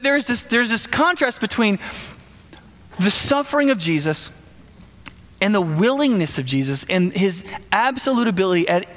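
Animated man preaching in a reverberant hall. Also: high-pitched. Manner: conversational, animated, talks directly to the congregation. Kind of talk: sermon.

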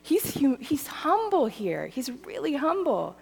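A woman pastor with a high, gravelly voice preaches a sermon at a measured pace, her voice carrying a big-room sound. She is animated and conversational, often checking in with listeners by asking "right?" and "okay?"

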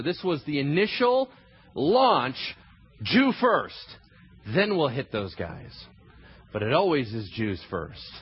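A man preaching with a lively, swooping voice, acting out little scenes along the way. His pitch sits a touch high for a man. The recording is somewhat dull, with faint noise behind him. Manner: animated, acts out scenes in funny voices. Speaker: pastor. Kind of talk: sermon. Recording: slightly dull sound with faint ambient noise.

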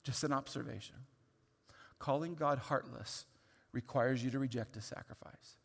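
A man's voice: mid-range voice, normal speed, creaky. Man preaching in a reverberant hall. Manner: builds from quiet reflection to loud, pleading emphasis. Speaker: pastor. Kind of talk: sermon.

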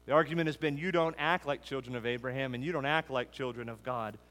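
A man preaching an expository sermon, building emphatic lists that rise and then drop low. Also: fast talker, a bit bright. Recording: long hall reverb.

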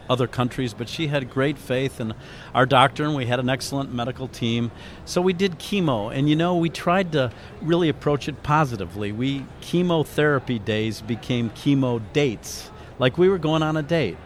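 A middle-aged author and ministry founder, speaking at a medium pitch, shares a heartfelt personal story as a guest on a faith radio interview. He's earnest and reflective, and the recording carries a slight hiss or hum.

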